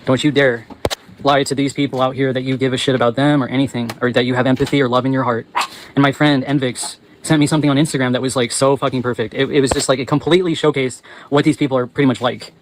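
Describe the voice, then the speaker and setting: A man hosting his channel, ranting angrily with heavy swearing and breaking into yells, talking to viewers as he walks. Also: medium pitch, little pitch movement, quick pace, noisy background. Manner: angry, profane, yelling at times; talks while walking. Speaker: channel host. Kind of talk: ranting livestream monologue.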